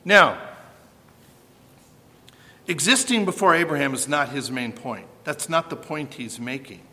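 A man preaching a sermon, animated and emphatic, asking rhetorical questions as he reads and explains scripture. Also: a little high, measured pace, long reverb tail.

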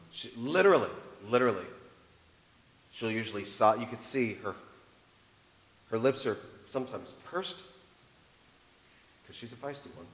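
A man preaching a sermon on marriage, animated, moving between loud emphasis and hushed tones. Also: fairly low pitch, slight background noise. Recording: long reverb of a large hall.

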